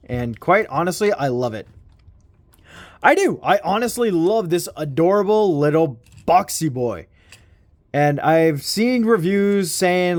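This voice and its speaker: A man's voice: on the high side, no echo. A young man casually reviewing a toy in a rambling, slangy vlog style with mild swearing.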